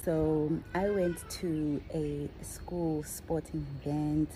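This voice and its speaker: A woman with a low, deep voice tells a candid story to her camera in a chatty, easygoing way full of fillers. A steady hiss of background noise sits under her voice. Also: takes it slowly. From South Africa. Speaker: vlogger.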